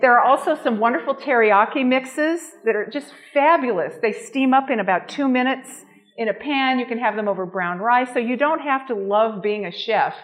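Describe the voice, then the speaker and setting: Woman, higher voice, enthusiastic, gushing, live cooking class demo. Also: normal speed. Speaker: nutrition class teacher. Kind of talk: live cooking demonstration talk.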